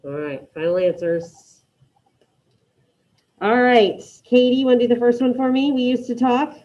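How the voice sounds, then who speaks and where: Woman, Spanish teacher, mellow tone, muffled call audio, encouraging, calls on students. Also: fairly high pitch, normal speed. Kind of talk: online class teaching.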